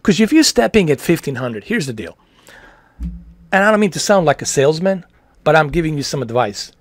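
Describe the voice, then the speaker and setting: A man's voice: fairly high pitch, very animated, brisk, dry recording. A man in his forties hosting a livestream, talking about TVs in a loose, rambling, friendly way with plenty of slang. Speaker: livestream host answering TV questions. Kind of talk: casual livestream chat.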